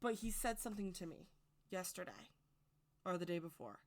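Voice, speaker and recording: A woman's voice: lowish voice, a little fast. A woman giving a casual, rambling opinion monologue to camera as a witchcraft video creator, speaking emphatically and straight to her viewers.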